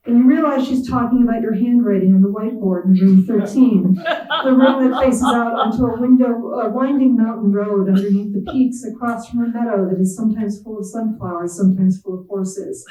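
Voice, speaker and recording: Writer reading aloud, wry and measured, mellow voice, echoey hall, heard from afar. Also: medium pitch, distant mic. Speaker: visiting writer. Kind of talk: literary reading in second person.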